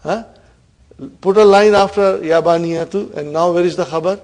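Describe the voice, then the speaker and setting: Man, Arabic grammar teacher, gravelly voice, slightly high, classroom quizzing. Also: fairly even intonation, normal speed, darkish tone. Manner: quizzing students, repeating terms, frequent "huh?". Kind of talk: classroom lesson.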